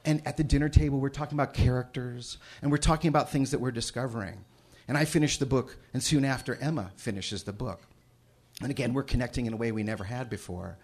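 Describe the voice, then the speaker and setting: Husky-voiced man telling a story on stage. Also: mid-range voice, quick pace. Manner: shifts from hushed asides to loud shouted reading. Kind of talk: live storytelling. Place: stage before a live audience.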